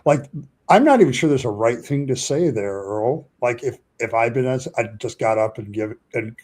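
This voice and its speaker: A man in casual podcast chat, calm and reflective as he responds. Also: medium pitch, moderate pace.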